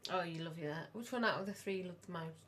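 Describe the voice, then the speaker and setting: A middle-aged woman, co-hosting a casual podcast and telling long, animated stories. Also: fairly low pitch, fast talker, noisy background. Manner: rambling, animated storyteller. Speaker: podcast co-host, mother of the other host. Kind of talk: casual chat.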